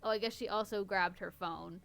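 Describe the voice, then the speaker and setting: Smooth-voiced woman reading with wry asides. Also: medium pitch, fairly even intonation, moderate pace, a bit bright, faint music behind. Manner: wry, stops to mock the writing. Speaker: podcast co-host reading a story aloud. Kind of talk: casual reading with running commentary.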